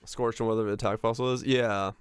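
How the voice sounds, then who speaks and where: Relaxed low-voiced male streamer. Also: fast talker, clean tone, no echo. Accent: neutral American, broadcaster-like. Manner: relaxed, rambling, many fillers. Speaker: livestreamer. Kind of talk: casual chat while gaming.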